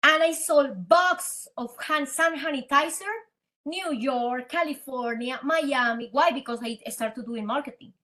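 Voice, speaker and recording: A woman with a Spanish accent, a native Spanish speaker, telling her story as a guest in a podcast interview in an animated, dramatic way. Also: high voice, unhurried. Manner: animated, dramatic, acts out quoted dialogue. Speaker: guest entrepreneur.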